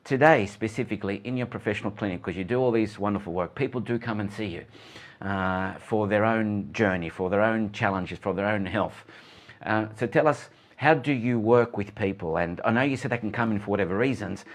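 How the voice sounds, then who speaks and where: A man's voice: on the low side, brisk. A man hosting a live interview, asking rambling questions full of restarts. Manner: rambling, many restarts and fillers. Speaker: host, interviewer.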